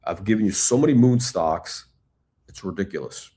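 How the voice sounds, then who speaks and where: A middle-aged man hosting a live stock chat, talking in an excitable, blunt, repetitive way and swearing now and then. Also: lowish voice, normal speed. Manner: excitable hype, blunt, swears, repeats himself. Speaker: stock channel host. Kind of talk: livestream stock chat reading chat questions.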